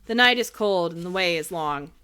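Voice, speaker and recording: A woman voicing a sly, flattering little man who drives a coach in a storybook reading. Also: fairly low pitch, normal speed, clean tone. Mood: coaxing.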